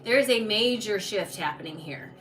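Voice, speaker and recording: A woman's voice: mid-range voice, lively intonation, normal speed, fairly bright tone, faint music behind. A woman hosting a live oracle card reading stream, chatty and reassuring, talking to viewers by name. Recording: distant mic with background noise.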